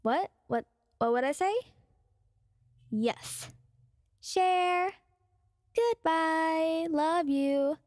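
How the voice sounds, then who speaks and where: A woman's voice: extremely high pitch, drawn-out words, pauses often, darkish tone, dry recording, studio quality. A woman who makes ASMR videos, chatting casually and ramblingly to her viewers. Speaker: ASMR creator.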